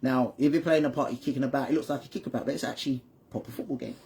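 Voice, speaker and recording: His voice is medium in pitch and darkish, and he talks at a racing pace. As father and channel host, he casually recounts football history to his son, checking in with "right?" and "you understand me?" and repeating words when he stumbles.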